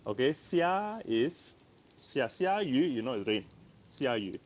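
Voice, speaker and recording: Standing by the door of a house outside in the rain, a man with a Malaysian English accent gives a casual language lesson, the scene feeling spontaneous and handheld. He's a playful, chatty teacher who repeats words, his mid-range voice very animated but slow.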